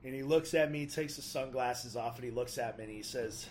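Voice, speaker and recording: A man casually telling a personal testimony story, acting out his own inner dialogue with casual slang and pausing when moved. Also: mid-range voice, a little hiss or hum.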